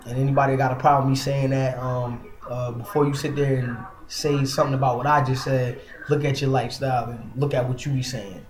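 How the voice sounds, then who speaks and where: A man giving a casual religious monologue online, soft in tone but emphatic and scolding, full of fillers like "man" and "you know". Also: mid-range voice, echoey room, slight background noise. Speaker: online preacher.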